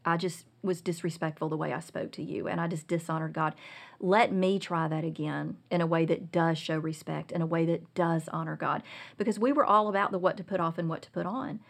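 A middle-aged woman telling a personal parenting story as a guest, earnest and confessional, growing animated when she retells scenes. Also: sits low, brisk, vocal fry. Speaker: guest speaker on Christian parenting.

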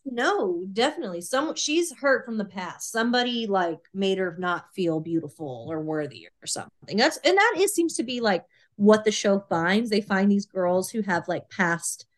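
A woman co-hosting a podcast in casual chat, emphatic and animated, often repeating herself as she makes her point. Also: mid-range voice, normal speed. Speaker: podcast co-host.

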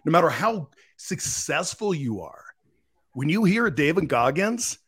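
Energetic man telling stories. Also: fairly high pitch, a little slow, husky. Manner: energetic storyteller, repeats words. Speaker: real estate agent, podcast guest. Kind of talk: casual podcast chat.

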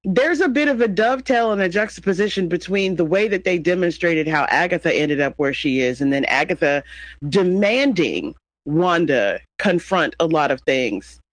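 Male podcast co-host, high and animated, chatty and teasing. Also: normal speed, no echo, low-quality recording. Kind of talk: casual podcast chat.

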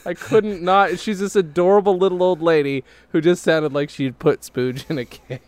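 A man's voice: sits high, moderate pace, no room sound. A man co-hosting a podcast, joking and laughing in casual comedic chat at a desk microphone. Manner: joking, animated, laughs often. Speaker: podcast co-host.

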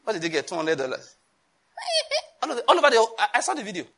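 A man with a Nigerian accent preaching a sermon, animated, acting out voices and laughing often. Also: sits high, fast talker. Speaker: pastor.

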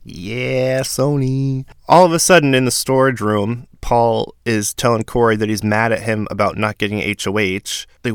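A man with a lowish, gravelly voice recaps a reality show episode in a casual, sarcastic way. He sounds openly exasperated, and his voice is recorded close and dry. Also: fairly bright tone, no echo.

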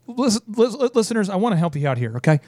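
A high-pitched, very lively man runs a business talk show, joking and acting out other people in playful put-on voices. The sound is dry and close, with no room around it. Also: racing, no room sound. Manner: animated, jokey, switches into mock voices. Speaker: show host and business coach.

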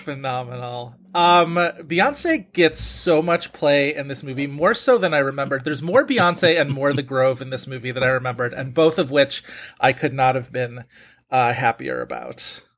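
A man's voice: mid-range voice, very animated, normal speed, fairly bright tone. Chatty male podcast host. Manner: chatty, joking, with fillers. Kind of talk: casual podcast chat.

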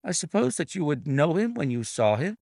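A man voicing a calm, imperturbable middle-aged detective with a composed, dry manner. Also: on the high side, brisk, gravelly, no echo, pitched above the performer's own voice, exaggerated voice. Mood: probing.

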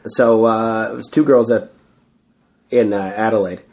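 A Canadian man with a fairly low voice tells his story in a loose, rambling way. He leans on fillers and laughs at himself as he talks through his career as a street performer. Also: steady tone, unhurried, gravelly, a little mellow. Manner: rambling and self-deprecating, full of fillers. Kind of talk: casual storytelling interview.

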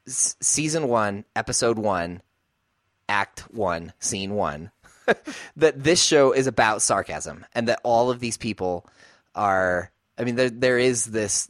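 A man with a lowish voice co-hosts a podcast in casual chat. He thinks out loud, feeling his way toward his point with frequent laughs. The sound is dry and close. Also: no echo. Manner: thoughtful, searching for words, laughs often. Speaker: podcast co-host.

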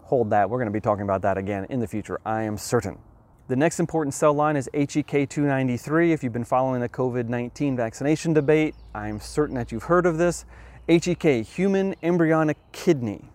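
A man giving an earnest, emphatic explanatory monologue about science, with measured pauses. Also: medium pitch, a little mellow.

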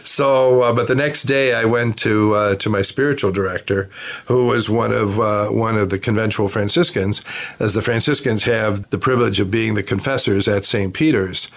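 A man's voice: fairly low pitch, fairly even intonation, normal speed. An older man, a bishop, telling a personal story in a chatty way, with many fillers and restarts. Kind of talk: anecdotal storytelling.

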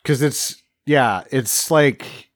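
A man's voice: mid-range voice, drawn-out words, dry recording, studio quality. A man co-hosting a casual podcast, swearing freely and emphatically as he riffs on a film's plot. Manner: profane, emphatic commentary. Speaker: podcast co-host. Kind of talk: casual movie recap chat.

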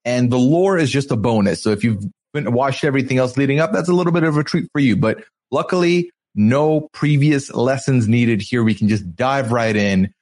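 A man's voice: mid-range voice, normal speed, few pauses. A man hosting a casual recap show, telling the story with energy and acting out the people he quotes. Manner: animated storyteller, acts out quotes. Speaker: podcast host.

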